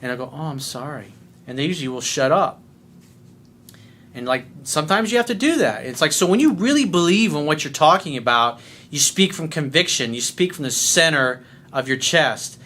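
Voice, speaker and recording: Loud, blunt, bright-voiced man coaching. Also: fairly high pitch, big pitch swings, moderate pace. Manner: blunt and profane; smiling while talking. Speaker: life coach. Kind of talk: casual monologue video.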